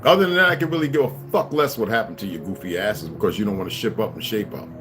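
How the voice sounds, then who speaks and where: A man in his fifties delivers a blunt, profane, stream-of-consciousness livestream monologue, often repeating words and restarting sentences. His voice is fairly low and fast, with music playing in the background.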